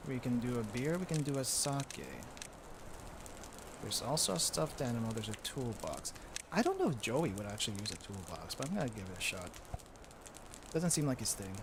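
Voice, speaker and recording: A young man streaming a video game, thinking aloud and reading item text in a halting, casual way. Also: mid-range voice, big pitch swings, background noise. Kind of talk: casual gameplay commentary. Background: game music.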